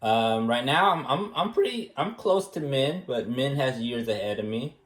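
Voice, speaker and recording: A man giving a rambling, joking recommendation speech as an art teacher, teasing in a deadpan way and tagging his points with questions. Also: mid-range voice, normal speed. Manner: teasing, deadpan, many fillers and tag questions. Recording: echoey room.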